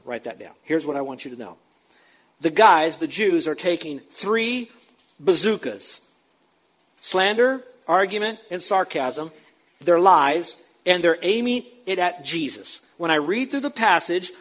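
Male pastor, fairly high voice, emphatic sermon delivery to a church congregation. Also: a bit bright, poor audio. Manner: emphatic preacher, repeats words and addresses the congregation directly. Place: church sanctuary with a screen.

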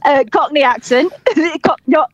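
Yorkshire woman bantering on a podcast, a bit high voice, blunt and teasing, laughs a lot, dry close sound. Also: unhurried, dry recording, dull audio. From Yorkshire, England. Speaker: podcast co-host. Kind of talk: casual chat.

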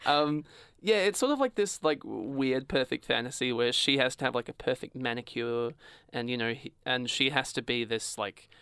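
A young man co-hosting a relaxed podcast chat. His voice is smooth and clean, recorded close and dry. He rambles, pads his talk with filler words and slips in jokes. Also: medium pitch, moderate pace, no room sound. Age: young adult. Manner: rambling, filler-heavy, joking. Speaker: podcast co-host.

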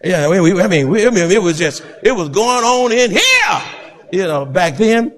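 A male pastor preaching an animated sermon. He acts out voices and breaks into shouts. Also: sits high, moderate pace.

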